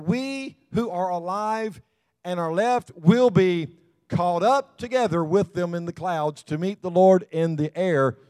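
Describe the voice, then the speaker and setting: A man's voice: fairly high pitch, mellow, dry recording. A man preaching a sermon as a pastor, folksy and emphatic.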